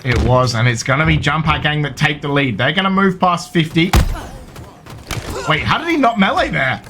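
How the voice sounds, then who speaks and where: A man with a southern English accent calling live esports play-by-play in a quick, excitable, jokey way. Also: fairly high pitch, background noise. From southern England.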